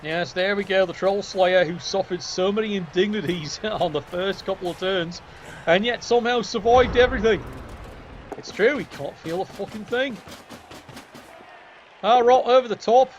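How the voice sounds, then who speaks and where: Brief: a male caster calling a video game match, dry and jokey, with a raised pitch. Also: moderate pace, slight background noise. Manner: wry, jokey, swears freely. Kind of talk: casual play-by-play commentary.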